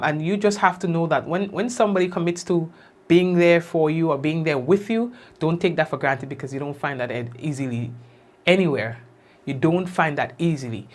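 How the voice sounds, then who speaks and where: A young man hosting a casual livestream, giving warm shout-outs to commenters by name and drawn-out blessings. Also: on the high side. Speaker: livestream news host. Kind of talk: casual livestream chat greeting viewers.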